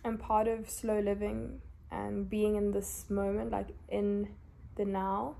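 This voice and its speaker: Tired young woman, slow and gravelly. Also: mid-range voice, little pitch movement, a little hiss or hum. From South Africa. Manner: soft-spoken, emotional and open. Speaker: vlogger. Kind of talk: confessional vlog. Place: lying in bed.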